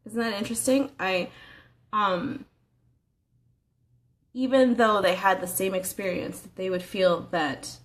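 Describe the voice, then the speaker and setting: A woman's voice: mid-range voice, steady tone, takes it slowly, long pauses. Earnest conversational woman coaching. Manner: earnest and conversational, with frequent restarts and rhetorical questions. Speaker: life coach. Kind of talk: casual motivational training talk.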